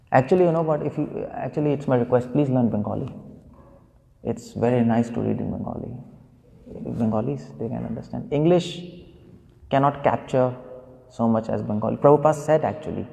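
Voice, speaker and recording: A man's voice: mid-range voice, normal speed, vocal fry, long pauses, dark tone. A man giving an informal scripture class as a preacher, thinking aloud and wandering between points, quoting verses and asking his listeners questions. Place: temple hall. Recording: long reverb of a hall.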